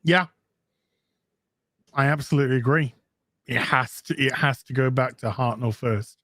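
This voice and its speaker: A British man co-hosting a casual show, excitable and swearing often as he chats. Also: mid-range voice, normal speed, no echo. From United Kingdom. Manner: animated, excitable, swears often, laughs a lot. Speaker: podcast co-host. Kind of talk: casual chat.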